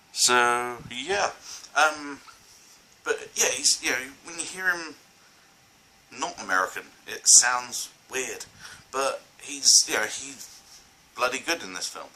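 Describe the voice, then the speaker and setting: Rambling man, very bright voice. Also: medium pitch, a little hiss or hum, low-quality recording. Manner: rambling, many fillers and restarts; enthusiastic. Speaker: film reviewer. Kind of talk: casual vlog review.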